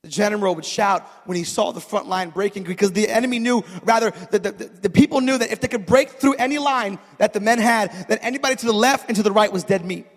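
A man preaching a sermon, telling stories in a chatty way that builds to shouted peaks and calls on the crowd for an amen. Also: high-pitched, fast, few pauses, big-room sound. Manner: storytelling, builds from chatty asides to shouted climaxes; calls for audience response.

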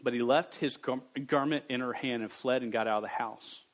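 A man preaching a sermon to young people, stammering at times and jumping from quiet reading to loud bursts. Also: mid-range voice, brisk, poor audio. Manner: stammers on words.

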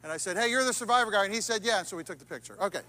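Animated male pastor preaching in a hall. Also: sits high, rapid-fire. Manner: dramatic swings from loud emphasis to hushed near-whispers. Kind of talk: sermon. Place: church sanctuary.

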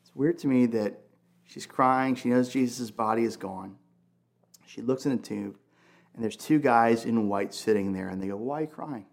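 A man's voice: mid-range voice, normal speed, gravelly, a little mellow. A male pastor preaching in a conversational, emphatic way, full of casual asides. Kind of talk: sermon.

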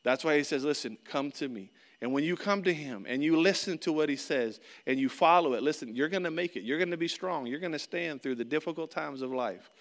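A man's voice: on the high side, fairly quick, hardly any pauses. Earnest preaching man in a reverberant hall. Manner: earnest, conversational preaching with repeated phrases. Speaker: pastor. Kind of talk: sermon.

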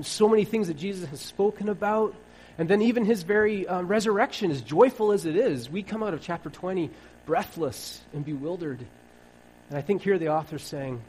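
Male preacher, wry and chatty, bouncy animated pitch, bit high. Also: a little hiss or hum, low-quality recording. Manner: wry, conversational, acts out dialogue. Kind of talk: sermon.

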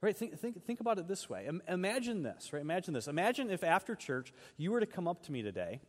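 A man preaching with a fairly high voice, speaking to his congregation in a relaxed, conversational way. When he reads scripture he leans hard on the words. His voice carries a long reverb from the church hall. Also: fast. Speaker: pastor. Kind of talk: sermon.

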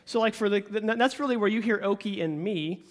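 A man with a light Oklahoma accent preaches in a relaxed, folksy way, full of jokes and playful asides. His voice sits high for a man. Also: brisk. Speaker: pastor. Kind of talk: sermon.

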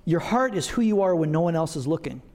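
Middle-aged male pastor, light high voice, casual self-deprecating sermon delivery, church with a long echo. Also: lively intonation, fast, darkish tone. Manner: conversational, self-deprecating humor. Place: church sanctuary.

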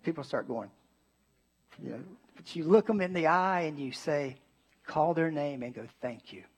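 A man with a notably high voice delivers a sermon to his congregation. He swings between emphatic, ringing declarations and quiet, hushed asides, leaning hard on key words. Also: moderate pace. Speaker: pastor.

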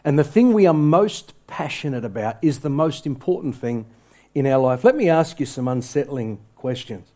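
A male pastor speaks to the congregation in a church sanctuary, his medium-pitched voice warm and expressive at a moderate pace. His sermon is impassioned, the emphasis surging and ebbing.

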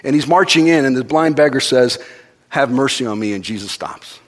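A man preaching a sermon in a conversational way, rising to loud urgent passages and dropping to quiet intimate ones. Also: medium pitch, fairly quick.

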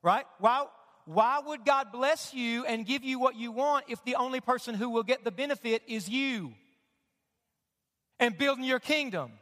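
A male preacher with a notably high, bright voice delivers an animated sermon. He calls on the congregation to repeat after him and answer back. His voice rings with a long reverb through a church sanctuary. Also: normal speed. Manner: animated, call-and-response with the congregation. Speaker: pastor.

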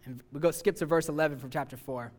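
Young man preaching, higher voice. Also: quick pace. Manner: conversational, many "like" fillers, acts out voices with rising excitement. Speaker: youth preacher. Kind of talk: casual sermon.

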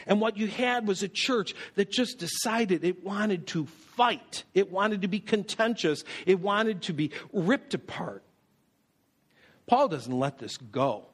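A male pastor delivers his sermon in a high-pitched voice that swoops up and down. He drives points home by repeating phrases and briefly acting out the people he quotes. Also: very animated, moderate pace. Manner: emphatic, repeats key phrases for effect.

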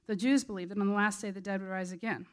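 A woman's voice: medium pitch, fairly even intonation, fast. A woman preaching a sermon in an earnest, conversational way.

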